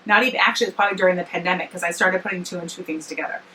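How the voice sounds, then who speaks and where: A woman's voice: on the low side, very fast, bright, forceful tone, a little hiss or hum, rough recording. A woman in her forties vlogging tired after work, telling a personal story in a rambling, self-correcting, chatty way. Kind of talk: casual personal storytelling to camera.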